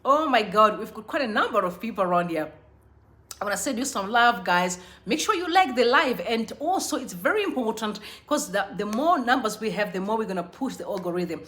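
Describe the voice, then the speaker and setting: A young woman from Zimbabwe hosting a casual live stream, chatting bubbly with viewers and giving shout-outs by name. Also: on the high side, expressive, fairly quick. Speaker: livestream host. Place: Johannesburg.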